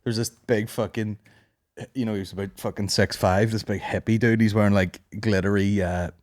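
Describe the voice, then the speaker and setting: A man's voice: on the low side, steady tone, moderate pace. A man hosting a podcast, telling stories in casual, sweary banter and laughing often. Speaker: podcast host. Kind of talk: casual banter, comic storytelling.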